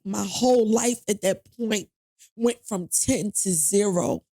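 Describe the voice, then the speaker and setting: A woman's voice: mid-range voice, slow, dark tone, dry recording. A middle-aged woman guest on a podcast, retelling a painful personal story in a blunt, profane, emphatic way.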